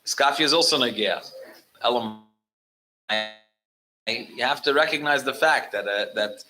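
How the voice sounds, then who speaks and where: On a rough recording, a man with a mid-range voice speaks unhurriedly as guest rabbi at a religious gathering. He's a lively storyteller who frequently restarts and weaves in Yiddish and Hebrew words.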